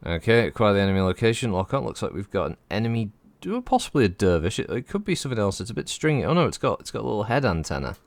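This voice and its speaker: Deep-voiced man rambling over gameplay. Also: very animated, very fast, hardly any pauses, dry recording. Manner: rambling, chatty, swears freely. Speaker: streamer. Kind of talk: casual gameplay commentary.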